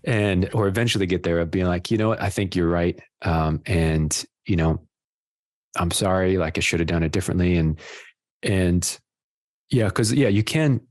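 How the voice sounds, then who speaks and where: A man's voice: sits low, normal speed, darkish tone, no echo, studio quality. A man co-hosting a faith-focused radio talk show, telling a family story in a rambling, self-deprecating way. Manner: rambling, many fillers and restarts, self-deprecating.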